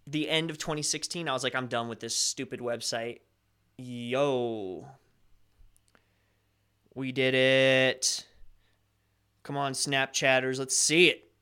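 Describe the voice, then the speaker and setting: A man's voice: mid-range voice, fairly even intonation, slow pace, pauses often, sharp tone, clear, resonant tone. A young man hosting a casual live stream, chatting loosely and reading viewer comments with a self-deprecating, rambling manner.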